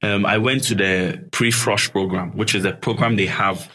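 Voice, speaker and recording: Husky-voiced man from Ghana telling stories. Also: lowish voice, moderate pace. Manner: animated, acts out voices, laughs often. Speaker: guest. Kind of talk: storytelling interview.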